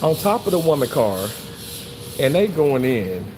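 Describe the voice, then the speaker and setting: A man casually venting to his viewers, animated and swearing freely, repeating himself for emphasis. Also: medium pitch, measured pace, in a large hall, noisy background. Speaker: vlogger reading live chat.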